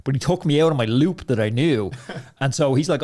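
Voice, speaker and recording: A man hosting a podcast, telling lively stories in casual chat and laughing often. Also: medium pitch, brisk. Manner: animated storyteller, laughs often. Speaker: podcast host.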